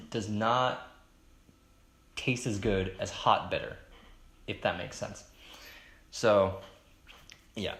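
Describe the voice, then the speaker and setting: A young man hosting a solo podcast, rambling and hesitant with many fillers and restarts, in a fairly monotone baritone. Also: reverberant. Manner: self-conscious, chatty. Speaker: podcast host. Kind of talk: solo casual podcast monologue.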